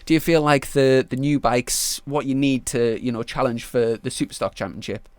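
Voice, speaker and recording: A man's voice: mid-range voice, steady tone, normal speed, smooth, no room sound. Chatty podcast host man, dry mic. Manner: chatty, loose with fillers and restarts. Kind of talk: casual chat and sponsor read.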